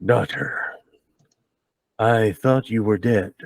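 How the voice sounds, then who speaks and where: A stern old dojo master, as a man acts him out at the game table, formal and heavy. Deep, slow and dry. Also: dry recording. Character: stern, grieving older father, head of a dojo.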